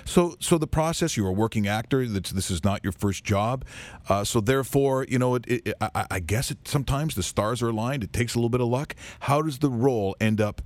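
A man's voice: medium pitch, a little fast, no echo. A male radio host who interviews a guest in an eager, rambling way, with many restarts. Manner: enthusiastic, rambling, lots of restarts.

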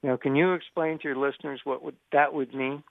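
Older guy spinning a sports story down a tinny phone line, gravelly voice, acts out all the quotes. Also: mid-range voice, fairly quick, no echo. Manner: animated anecdotal storyteller, acts out quoted dialogue. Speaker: sports journalist guest. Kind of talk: radio interview storytelling.

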